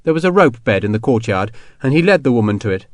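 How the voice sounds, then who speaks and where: A man narrating an adventure novel in a steady, measured storytelling voice. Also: mid-range voice, dry recording. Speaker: audiobook narrator. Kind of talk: scripted narration.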